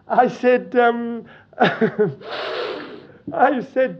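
A man's voice: very high voice, animated, slow, pauses often. Older man telling a church story. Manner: folksy, repeats "he said" often. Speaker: church speaker. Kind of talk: storytelling testimony to a congregation. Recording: dull lo-fi recording.

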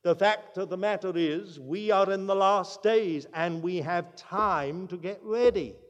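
A man preaching a sermon, earnest and emphatic, swinging between loud declarations and quiet asides. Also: sits high, measured pace, dull audio. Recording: long reverb from a large hall.

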